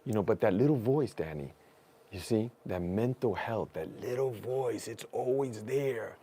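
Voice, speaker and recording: A man talking as a guest in a casual conversation, animated and storytelling, offering spiritual encouragement. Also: lowish voice, measured pace, a little hiss or hum.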